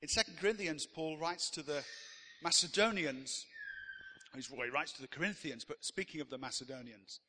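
A man preaches a sermon in an easy, conversational way, stopping often on "uh" as he tells stories. His voice is bright and pitched a bit high for a man. It rings out with the long reverb of a church hall. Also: normal speed, a little hiss or hum. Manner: conversational storytelling preacher with frequent "uh" fillers. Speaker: pastor.

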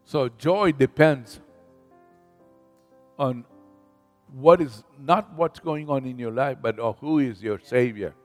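A man preaching a sermon as pastor, slow and emphatic, leading the congregation in call-and-response and rising in volume on scripture. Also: medium pitch. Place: church sanctuary. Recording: reverberant hall with faint music.

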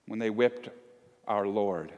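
A man in his fifties preaching a sermon as pastor, conversational and swinging between loud emphasis and hushed asides. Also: on the low side, slow, big-room sound, muffled recording. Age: 50s. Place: church.

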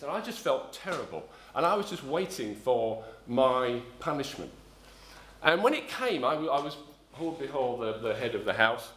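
A man's voice: fairly high pitch, animated, moderate pace, a bit bright, reverberant, slight background noise. A middle-aged man from south-east London preaching a sermon, telling a rambling personal story with many ums and restarts. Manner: rambling, self-correcting storyteller, frequent ums.

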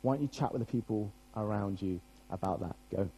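A man's voice: lowish voice, brisk, dark tone, slight background noise, rough recording. A young British man preaching a sermon as pastor, chatty and self-deprecating, joking with his congregation.

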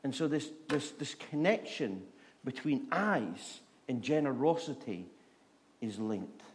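A man preaching a sermon, repeating rhetorical questions and slowing down to stress words. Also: mid-range voice, sing-song.

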